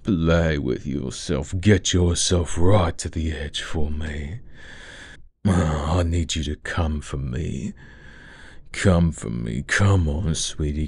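A man's voice: extremely low pitch, very slow, gravelly, husky, dry recording. A young adult man performing an adult audio role-play, speaking close to the mic in a teasing, commanding murmur.

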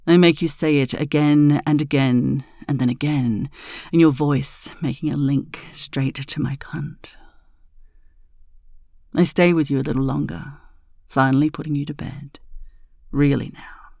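A dominant woman in whispered role-play, speaking slowly and breathily with a gravelly fry in her voice. Her commanding lines come close and dry, with no room around them. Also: sits low, steady tone, mellow, no echo. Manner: breathy, half-whispered delivery. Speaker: erotic audio narrator.

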